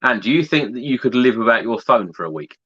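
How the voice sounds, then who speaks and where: A man's voice: mid-range voice, expressive, quick pace, a bit bright, breathy edge, dull audio. A man hosting a podcast, asking short interview questions and nudging his guest on. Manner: short prompts, encouraging. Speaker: podcast host.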